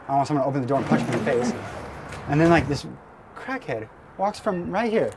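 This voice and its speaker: A man, a guest storyteller, excitedly recounting events on a residential street, peppering his talk with "like" and "right". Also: a little high, quick pace. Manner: excited, restless, with many likes and rights. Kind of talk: animated storytelling on location. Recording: outdoor street noise.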